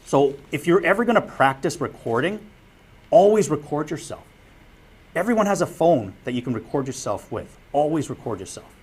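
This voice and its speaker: A man's voice: fairly high pitch, sing-song, normal speed, a little mellow, husky. A man who works as a sportscaster, giving a public lecture on broadcasting in an earnest, direct way, repeating his key advice. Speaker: broadcasting instructor and former sportscaster.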